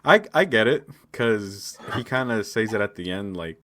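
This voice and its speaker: A man's voice: lowish voice, animated, moderate pace, fairly bright tone. A man co-hosting a podcast, chatting about a movie in a laid-back, slangy way and laughing often. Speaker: podcast co-host. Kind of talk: casual movie review chat.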